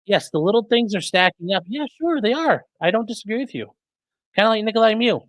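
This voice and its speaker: A man's voice: sits high, lively intonation, fairly quick, dry recording, rough recording. A man hosting a live stream, casually chatting and answering viewers' comments. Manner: chatty, rambling, fixing mic settings mid-stream. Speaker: livestream host reading chat. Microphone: streaming desk mic.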